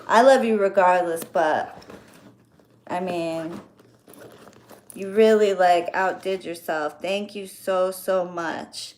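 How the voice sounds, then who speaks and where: A woman's voice: on the low side, fairly even intonation, takes it slowly, long pauses, a little hiss or hum. A woman in her thirties chatting to her viewers while opening birthday gifts, gushing with thanks. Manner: effusive, grateful, gushing. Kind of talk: casual chat to viewers.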